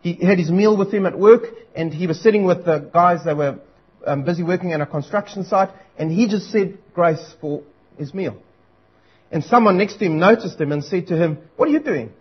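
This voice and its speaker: High-voiced New preacher, earnest. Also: male voice, moderate pace, husky, dull audio. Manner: earnest, urgent preaching with emphatic repetition. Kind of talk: sermon.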